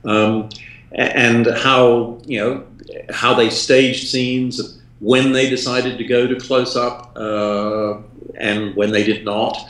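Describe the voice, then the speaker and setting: A man's voice: mid-range voice, level tone, slow, fairly bright tone. An older man from England, a film director, reminiscing in an interview with lots of ums and restarts. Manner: rambling, with many ums and restarts. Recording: roomy echo.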